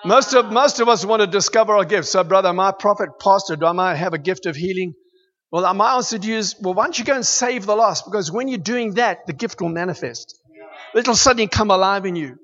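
High-voiced preacher, emphatic. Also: male voice, fast. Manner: emphatic, building to excited declarations. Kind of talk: sermon. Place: church hall. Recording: reverberant hall, dull lo-fi sound.

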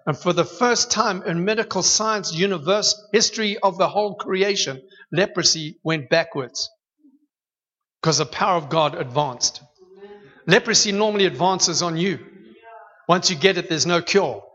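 A man preaching a sermon in a church hall, telling stories with lively humor. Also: high voice, normal speed. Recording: dull echoey hall recording.

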